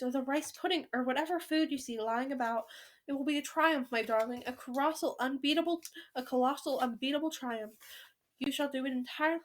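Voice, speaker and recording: A woman voices a spirited old grandmother in a children's story. She speaks briskly and with force, full of bold plans, in a fairly high voice. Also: natural voice.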